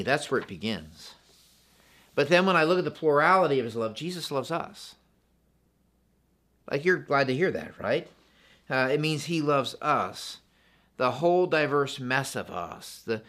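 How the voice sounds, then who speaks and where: A man's voice: mid-range voice, fairly bright tone. Earnest man preaching a sermon. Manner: earnest, asks the congregation questions, repeats phrases. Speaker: pastor.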